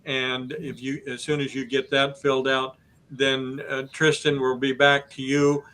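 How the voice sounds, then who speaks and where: A man hosting a business podcast, explaining the steps of a business purchase in a steady, methodical way. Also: mid-range voice, a little slow, low-quality recording. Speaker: host.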